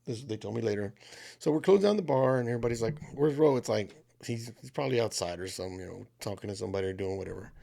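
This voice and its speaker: Male co-host, gravelly voice, animated profane storyteller, casual podcast chat. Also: fairly low pitch, racing.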